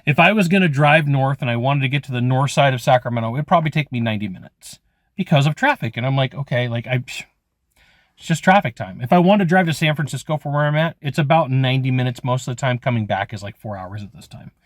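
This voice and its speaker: A man's voice: mid-range voice, lively intonation, fast, no room sound, studio quality. A man in his forties giving a casual, rambling motivational talk about sales, full of "like" and "okay". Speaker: sales trainer.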